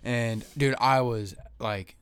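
A man's voice: mid-range voice, fairly even intonation, takes it slowly, clear, resonant tone, dry recording. Rambling, swearing young podcast guy. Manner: rambling, profane, with lots of fillers and laughs. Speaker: podcast co-host. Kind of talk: casual chat.

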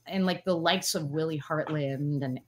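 A woman in her forties, a guest in a casual interview, telling stories with lots of fillers and lively quoted voices. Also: moderate pace, a little hiss or hum. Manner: animated, many fillers, acts out quotes in a higher voice. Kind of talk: casual storytelling chat.

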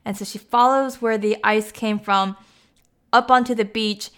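A woman with a smooth, clear voice talks through a recap in an easygoing, chatty way. She leans on "like" and "you know" throughout. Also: mid-range voice, fairly even intonation, a little slow, a bit bright. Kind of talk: casual plot recap.

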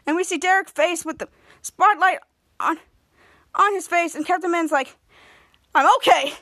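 Very high-voiced woman recapping a show. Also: sharp tone, no room sound. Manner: halting retelling with frequent restarts. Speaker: podcast host. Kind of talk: casual TV episode recap.

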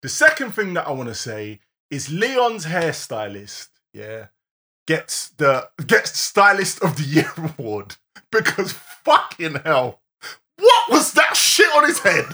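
A young man, co-hosting a casual podcast chat, talking in loud, slang-heavy bursts. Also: a little high, huge pitch swings, slow. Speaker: podcast co-host.

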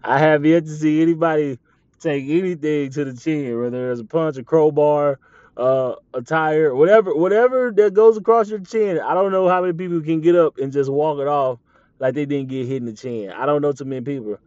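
Animated podcast host, teasing and laughing. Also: male voice, fairly high pitch, a little fast, dry recording. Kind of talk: casual monologue podcast. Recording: slightly dull lo-fi audio with faint background noise.

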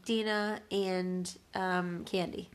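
A woman's voice: fairly low pitch, little pitch movement, slow pace. A woman co-hosting a casual podcast, teasing and laughing easily as she chats. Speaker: podcast co-host. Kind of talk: casual chat.

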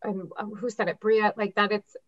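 A woman chatting casually among friends, with her thoughts winding and circling back as she talks. Her voice sits at an ordinary middle pitch. It comes through dull and lo-fi, as if the mic is slightly muffled. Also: steady tone, normal speed, fairly bright tone. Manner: rambling, thinks aloud with restarts. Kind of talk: casual group chat. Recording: dull lo-fi audio.

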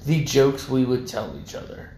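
A man's voice: medium pitch, lively intonation, normal speed, mellow. A young man co-hosting a casual podcast in a laid-back way, laughing often. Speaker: podcast co-host. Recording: echoey room, faint ambient noise.

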